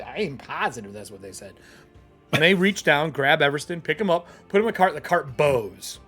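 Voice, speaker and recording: A man's voice: a little high, animated, brisk, a bit bright, faint music behind. A man running a tabletop game as game master, narrating casually, swearing freely and laughing as he talks.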